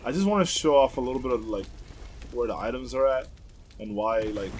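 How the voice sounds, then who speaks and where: A young man rambles through his gameplay commentary in an excitable, loose way, swearing often. His voice sits at an ordinary middle pitch. A faint background noise runs under the recording. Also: fairly quick. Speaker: let's play host.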